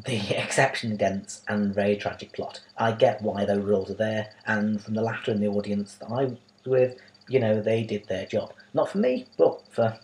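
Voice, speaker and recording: A man's voice: on the low side, a little mellow, poor audio. A man giving a casual, opinionated spoken film review, often asking exasperated rhetorical questions.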